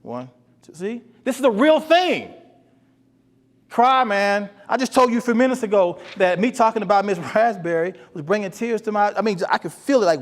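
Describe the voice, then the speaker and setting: A man giving an earnest motivational talk to boys, often repeating himself and putting questions to the audience. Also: high-pitched. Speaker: speaker for boys. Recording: long hall reverb.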